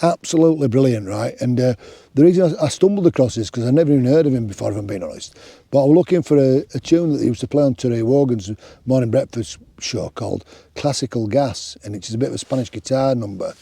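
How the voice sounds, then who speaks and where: Man, middle-aged, casual rambling vlog, husky, dry close mic. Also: medium pitch, quick pace, warm tone, no room sound. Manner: rambling and chatty, many restarts and fillers. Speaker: hiking vlogger. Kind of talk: casual outdoor vlog chat. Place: outdoors on open moorland. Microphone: clip-on microphone.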